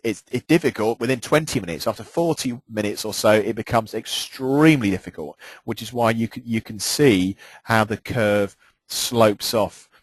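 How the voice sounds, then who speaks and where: A man delivering a training webinar on presenting, emphatic and animated, often repeating words for stress. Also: medium pitch, no room sound, rough recording.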